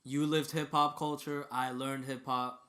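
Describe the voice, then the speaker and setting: A man's voice: medium pitch, flat delivery, a little slow, pushed and bright. A man co-hosting a podcast in casual chat, playful and rambling. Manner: playful, rambling plugs with fillers. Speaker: podcast co-host.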